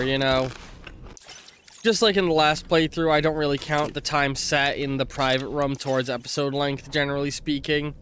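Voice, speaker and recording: A man's voice: mid-range voice, a bit bright, a little hiss or hum. Casual male gamer-host; chatty, loose, swears a bit, reads game text aloud. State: clearing throat with heartburn. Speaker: let's play streamer. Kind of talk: casual gameplay commentary.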